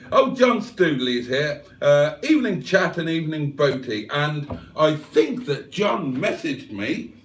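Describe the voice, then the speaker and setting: A man's voice: on the high side, very animated, slow pace, echoey room. A man hosting a livestream, reading viewer comments aloud in a casual, chatty way and chuckling often. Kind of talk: casual chat.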